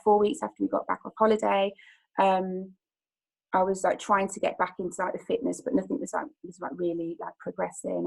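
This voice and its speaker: A woman in her thirties with a gravelly, creaky edge and a mid-range pitch. She tells her own story on a call in a rambling way, full of "like"s and restarts. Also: a little mellow, low-quality recording. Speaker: personal trainer. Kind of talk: personal testimony on a group call.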